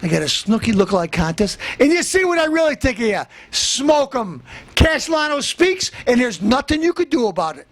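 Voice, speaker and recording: A man hosting a comedy show, ranting in a boastful tough-guy manner, threatening to beat everyone up and breaking into shouts. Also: extremely high pitch, big pitch swings, fairly quick. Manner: bursts into shouting. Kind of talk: comic tough-guy rant.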